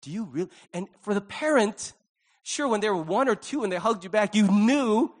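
High-voiced earnest male pastor preaching. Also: expressive, moderate pace. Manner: earnest, swings from hushed to loud. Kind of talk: sermon.

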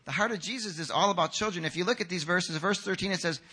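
A man preaching a sermon as pastor, animated and acting out quotes. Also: sits high, fast talker, husky. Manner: animated, acts out quotes with shouts. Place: church hall.

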